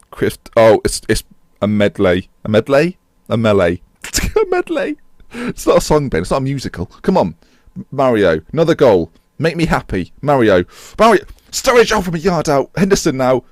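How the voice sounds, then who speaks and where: A young man excitedly commentating on a football management game as he plays, cheering at goals and laughing at the screen. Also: medium pitch, no echo. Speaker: gaming YouTuber and streamer.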